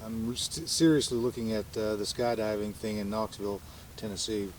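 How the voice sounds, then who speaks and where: A man's voice: on the low side, steady tone, moderate pace, distant mic. A middle-aged man vlogging casually at a campsite, rambling with many fillers and restarts. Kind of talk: casual solo camping vlog. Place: outdoor campsite. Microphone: camera mic. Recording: noisy camera audio with autofocus clicks.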